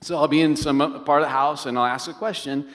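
A middle-aged pastor preaches with a slightly raised voice, telling stories in an animated way and turning to the congregation with quick questions. His sermon rings out through a large hall with a long reverb trailing after each phrase. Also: a little high. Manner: animated storyteller, often asking the congregation questions.

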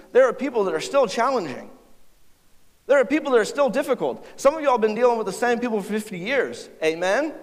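A man in his thirties, a pastor preaching a sermon, telling a funny family story in a conversational way and speaking straight to his listeners. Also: high-pitched. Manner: humorous, conversational, talks to the audience. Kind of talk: sermon with personal stories. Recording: hall reverb.

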